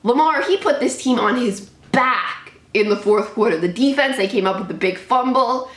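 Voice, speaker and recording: A woman's voice: on the high side, normal speed. A young adult woman giving casual, opinionated sports commentary as a show host, chatty and full of fillers. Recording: roomy echo.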